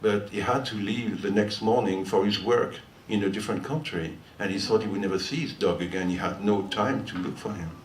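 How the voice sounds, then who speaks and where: An older French guitarist talks a little fast, with hardly any pauses, in a fairly low voice and a French accent, telling a rambling anecdote between songs. He is chatty and laughs frequently. The listening hall and live audience come through roomy and far off, with faint noise.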